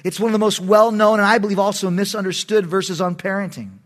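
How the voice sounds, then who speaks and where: A middle-aged man, a pastor preaching a sermon in an animated, emphatic way, with sudden loud bursts. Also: sits high, fast.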